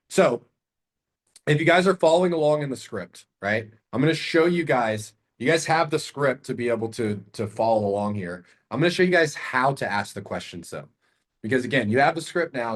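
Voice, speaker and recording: A man leading a live online sales training, talking straight to his viewers in a loose, conversational way. He keeps a plain mid-range pitch and checks in with the audience through frequent tag questions. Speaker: sales coach.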